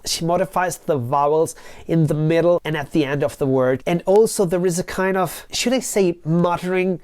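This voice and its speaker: A woman's voice: lowish voice, normal speed, a little mellow. A woman in her forties from Italy with a northeastern Italian accent, teaching Italian in a patient, chatty video lesson that drifts into side notes. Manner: chatty, digressive, patient explainer.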